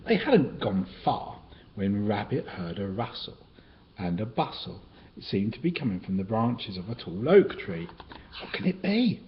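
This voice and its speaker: A man reading children's picture books aloud in a gentle, sing-song storytelling way, on a dull, lightly hissing recording. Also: on the low side, sing-song, unhurried.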